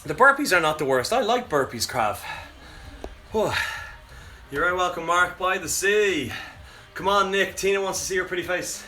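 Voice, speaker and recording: Breathless fitness coach, high voice. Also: male voice, moderate pace, long pauses. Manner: energetic, upbeat coaching cues with chatty asides. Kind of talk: live workout instruction. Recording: echoey room, mic at a distance, faint music.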